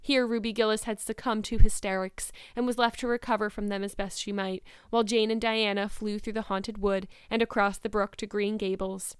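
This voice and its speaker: Woman reading a novel aloud, expressive, crisp voice, dry sound. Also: medium pitch, a little fast, few pauses, no room sound. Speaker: reader of a novel. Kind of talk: storybook narration and commentary.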